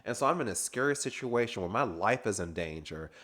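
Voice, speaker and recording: A man's voice: on the low side, animated, a little fast, a bit bright. Chatty, sassy man recapping reality TV. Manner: chatty and sassy, often laughing. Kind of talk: casual recap commentary.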